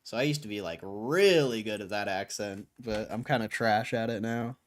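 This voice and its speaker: A man's voice: on the low side, normal speed. A man hosting a livestream, chatting casually in a laid-back way with loose slang and frequent chuckles. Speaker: livestream host.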